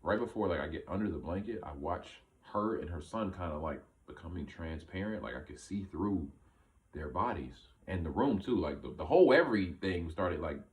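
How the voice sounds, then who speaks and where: Deep-voiced man telling a wild story. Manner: rambling, full of "like" and "right?"; animated, amazed retelling. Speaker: vlogger telling a personal story. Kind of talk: casual storytelling.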